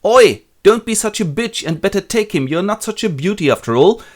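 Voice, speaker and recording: Man putting on a high, swooping, sassy lovesick girl, brash and slangy. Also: expressive, a little fast. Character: lovesick, sassy young woman disguised as a boy.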